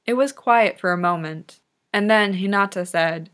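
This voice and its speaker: A woman reading fan fiction aloud in soft, unhurried narration. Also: mid-range voice. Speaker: reader.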